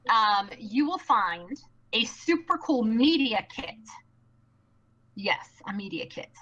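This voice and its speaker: A woman chatting excitedly on a live stream, bubbly and rambling, with many fillers and restarts. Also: fairly high pitch, muffled recording. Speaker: live stream co-producer and host.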